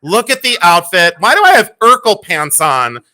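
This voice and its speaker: A middle-aged woman hosting a live sale stream in a playful, rambling way. Her voice is bright and forward, and she pokes fun at herself. She talks casually to her viewers. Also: fairly low pitch, very animated, measured pace. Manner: chatty, self-mocking, playful. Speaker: livestream jewelry sale host. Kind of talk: casual livestream chat.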